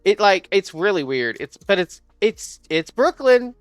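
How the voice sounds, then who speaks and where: A woman livestreamer telling a funny work story in casual chat, animated and quick to laugh and swear. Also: mid-range voice, clear, resonant tone, no echo.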